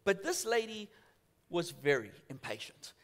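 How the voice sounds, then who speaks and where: A man preaching a sermon as a church pastor, telling stories and swinging from loud to hushed. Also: sits high, big pitch swings, a little slow. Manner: storytelling, acts out voices in quotes, swings from loud to hushed.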